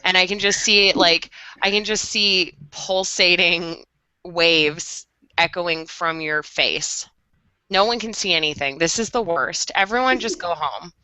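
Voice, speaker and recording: A woman's voice: lowish voice, measured pace, bright, forceful tone, smooth, no echo. A woman co-hosting a podcast over a video call, rambling in a melodramatic, chatty way. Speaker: podcast co-host. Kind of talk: casual chat.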